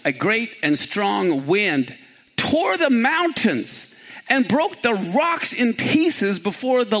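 A male preacher with a very high voice and a gravelly edge to it. He retells a scripture story with animated energy, then settles into lower, conversational commentary for a live-streamed sermon.

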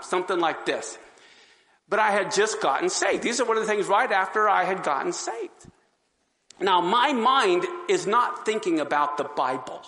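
A high-pitched man with a gravelly edge tells his testimony in a sermon style. He is an animated storyteller who acts out each scene, and his voice carries a long hall reverb. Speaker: speaker giving his testimony.

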